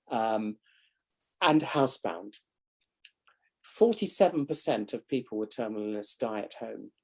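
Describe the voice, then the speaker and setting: A man at a middle pitch, a family doctor, gives an online briefing. He walks through slides with enthusiasm and tells stories about his practice, often quoting people directly. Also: a little mellow. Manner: enthusiastic storytelling, quotes others directly. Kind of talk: illustrated talk to an online audience. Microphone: online talk recording.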